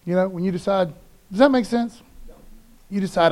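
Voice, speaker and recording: A man preaching a sermon in church, casual and animated, often calling listeners "man.". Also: high voice, moderate pace.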